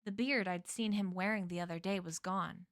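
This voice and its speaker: A woman reading a novel aloud as a stream host, in measured storytelling. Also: lowish voice, no echo, clean studio sound.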